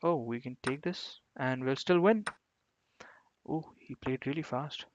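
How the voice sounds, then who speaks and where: A man's voice: medium pitch, measured pace, a little mellow, dull audio, a little hiss or hum. A man streaming online chess games, chatting with his viewers and poking fun at his own blunders. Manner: chatty, talks to viewers, self-mocking about his blunders. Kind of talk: live commentary while playing online chess.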